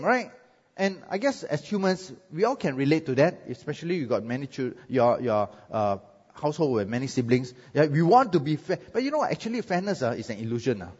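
Lively preacher with a Singaporean English accent. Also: male voice, a little high, husky. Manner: lively, joking, asks the crowd "right?". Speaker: pastor. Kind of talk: sermon. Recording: muffled sound with long hall echo.

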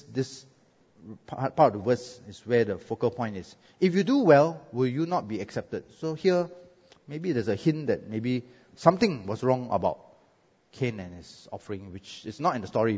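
A man's voice: mid-range voice, breathy edge. A man preaching a sermon with a Singaporean English accent. He jokes and keeps asking the crowd "right?". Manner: lively, joking, asks the crowd "right?". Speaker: pastor. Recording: muffled sound with long hall echo.

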